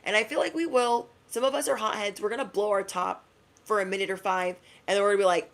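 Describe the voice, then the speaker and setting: A young woman giving a casual spiritual pep talk to her viewers, chatty and slangy, acting out quick asides. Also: medium pitch, fairly even intonation. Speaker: spiritual reader.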